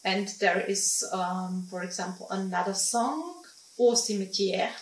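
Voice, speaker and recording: A woman, a singing teacher, explaining in halting, phrasing with many pauses and restarts. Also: medium pitch. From Slovakia. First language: Slovak. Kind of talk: informal teaching talk. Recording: roomy sound from a distant mic.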